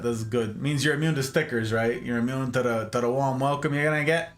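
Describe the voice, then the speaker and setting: A man's voice: medium pitch, brisk, hardly any pauses, soft background music. A man hosting a casual livestream, chatting with viewers in a jokey, exclamatory way. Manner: animated, jokey, exclaims and laughs often. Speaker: livestream host. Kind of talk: casual chat with live viewers.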